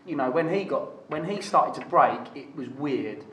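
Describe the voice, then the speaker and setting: A man's voice: medium pitch, lively intonation, moderate pace, a bit bright, a little hiss or hum. A man chatting casually, rambling along with easy swearing. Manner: rambling, swearing, laughing easily. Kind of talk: casual chat. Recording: echoey room with faint ambience.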